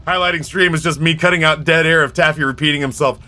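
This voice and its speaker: A man's voice: fairly high pitch, fairly even intonation, quick pace, few pauses, sharp tone. A man in his thirties streaming live, rambling casually in a self-mocking way and acting out both sides of conversations. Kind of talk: casual livestream chat.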